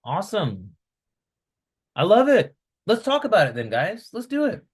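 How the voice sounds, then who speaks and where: A man coaching real estate investors in a casual, energetic style on a video call, checking in with "right?" all the time. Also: high voice, normal speed, breathy edge. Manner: energetic, chatty, keeps asking "right?".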